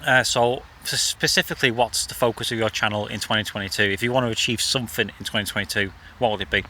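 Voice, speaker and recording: A man's voice: fairly low pitch, steady tone, quick pace, sharp tone, a little hiss or hum. A man interviewing a young actor outdoors, encouraging and mentoring him in casual talk. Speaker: interviewer and YouTube presenter. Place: outdoors by a bridge.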